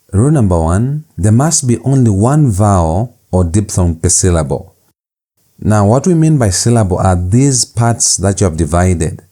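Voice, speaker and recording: A man teaching a recorded Greek lecture, repeating key points slowly and deliberately. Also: on the low side, mellow.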